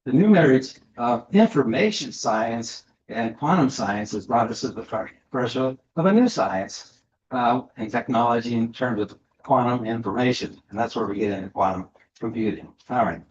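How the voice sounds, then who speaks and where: A man's voice: mid-range voice, animated, moderate pace, slight background noise. A man giving a lecture to an audience, talking with many fillers and restarts. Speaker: guest speaker. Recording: echoey room, slightly dull sound.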